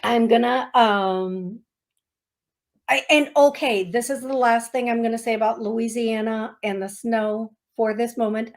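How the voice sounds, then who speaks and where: A woman's voice: a little high, fairly even intonation, measured pace. A woman hosting a radio show as a psychic medium, telling stories in a chatty, laughing way. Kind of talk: casual chat. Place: radio studio.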